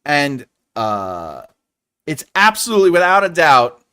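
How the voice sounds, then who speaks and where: An animated man hosts a casual writing livestream. His voice sits high and swings widely as he chats. He laughs often and slips into silly voices while retelling scenes. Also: a little slow, clear, resonant tone. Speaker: writing channel host.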